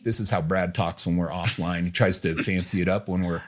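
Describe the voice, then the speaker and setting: A man hosting a podcast, giving business advice in a relaxed, teasing way and repeating key phrases. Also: sits low, brisk. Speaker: podcast host.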